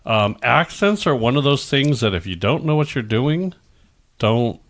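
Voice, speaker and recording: A man's voice: medium pitch, sing-song, a little slow, fairly bright tone. A man from the Midwest co-hosting a podcast, chatting casually and rambling with many restarts. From American Midwest. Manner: rambling, restarts often, slips into goofy put-on voices. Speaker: podcast co-host. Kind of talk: casual chat.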